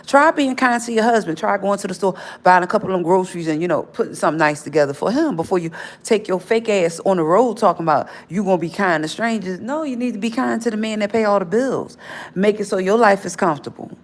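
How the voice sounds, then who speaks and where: A woman's voice: medium pitch, quick pace. A woman on a phone livestream, ranting straight at an absent person in a confrontational, scolding, repetitive way. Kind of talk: livestream rant.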